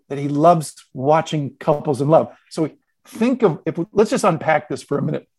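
A man's voice: fairly high pitch, mellow, no echo. A man on a discussion panel telling a story and reflecting on it aloud, laughing now and then as he unpacks his points. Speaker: podcast panelist. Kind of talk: conversational storytelling.

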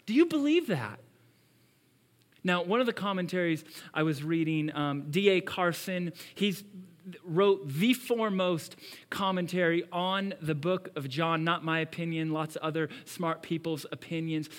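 A man preaching a sermon as pastor, swinging between loud emphasis and hushed asides. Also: fairly high pitch, fairly even intonation, normal speed.

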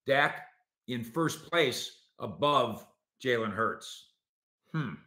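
A man's voice: mid-range voice, extremely slow, echoey room. A man hosting a solo sports talk show, arguing his points and talking directly to his listeners. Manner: animated, argumentative, talks to listeners directly. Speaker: sports podcast host.

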